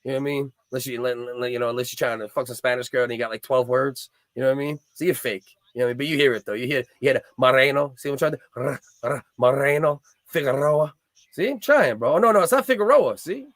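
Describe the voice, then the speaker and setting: A man's voice: medium pitch, racing, few pauses, fairly bright tone, no room sound, studio quality. A man, hosting a casual livestream and telling rambling, profane, heated stories. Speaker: livestream host.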